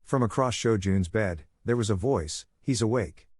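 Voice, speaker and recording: A man reading a scripted story recap in a steady, even narration. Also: on the low side, moderate pace, slightly rough, no echo, clean studio sound.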